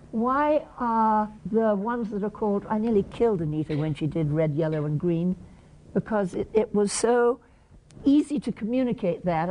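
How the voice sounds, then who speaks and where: An Englishwoman presenting at a conference, her voice mellow and warm in tone. She keeps asking the audience questions and acts out little example lines as she teaches. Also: mid-range voice, slight background noise. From England. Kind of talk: conference lecture.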